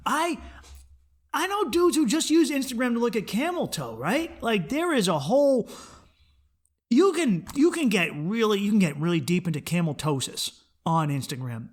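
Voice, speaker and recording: This is a man with a high, bright-pitched voice, running his own podcast as a comedian. He talks in a rambling, profane comic monologue, dropping into low mutters and then jumping up into excited bursts. He often stumbles and repeats words as he restarts a thought. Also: normal speed.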